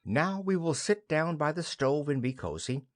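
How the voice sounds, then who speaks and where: A man's voice: fairly high pitch, animated, moderate pace, lightly acted. A man voicing a cheerful, chattering young wife in an audiobook play reading.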